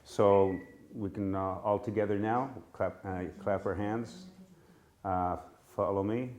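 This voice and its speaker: Slow, low-voiced man teaching a class. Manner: relaxed, halting, self-correcting, chuckles at himself. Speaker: music teacher leading a class. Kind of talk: informal live class instruction. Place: temple room with a live group.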